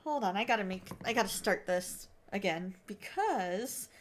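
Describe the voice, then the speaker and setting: A woman's voice: medium pitch, expressive, normal speed, a little hiss or hum. A woman from Arizona chatting casually on a live stream while she crochets, self-deprecating and restarting her sentences often. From Arizona, USA.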